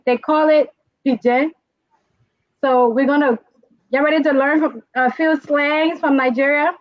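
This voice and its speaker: A woman with a Liberian accent hosting a casual talk show, animated and laughing as she teaches slang phrases. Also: high-pitched, dry recording. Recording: dull, dry lo-fi sound.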